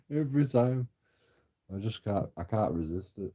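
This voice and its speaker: A man's voice: sits low, big pitch swings, takes it slowly, long pauses, warm tone, slightly rough. A young man telling a story in a casual, sweary rant, often laughing and mocking. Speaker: vlogger. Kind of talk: casual ranting monologue.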